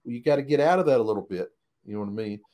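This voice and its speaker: A retired race car driver rattles through old racing stories at a racing pace, his mid-range voice dark in tone. The casual interview finds him folksy and blunt, swearing freely and finishing sentences with "right?"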